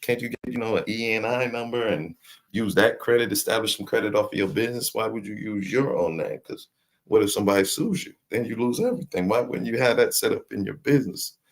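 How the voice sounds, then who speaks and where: A man's voice: lowish voice, fast. A man hosting a casual live stream, teasing his chat with loose slang and frequent laughs. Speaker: livestream host reading chat.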